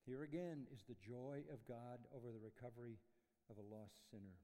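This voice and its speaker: A man preaching a sermon in a university chapel, emphatic, swinging from loud declarations to hushed lines. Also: medium pitch, normal speed, big-room sound. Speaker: pastor.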